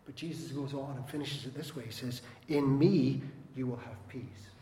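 Animated preaching man in an echoey hall. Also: mid-range voice, normal speed, slight background noise. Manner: animated, acts out quoted voices, swings loud and soft. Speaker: pastor. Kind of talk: sermon.

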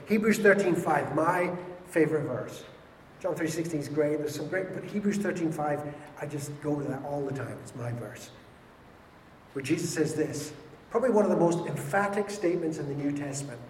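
A man's voice: a little high, a little mellow, slight background noise. A man preaching a sermon emphatically, repeating words for stress, recorded in an echoey hall. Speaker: pastor. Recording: echoey hall with faint ambience.

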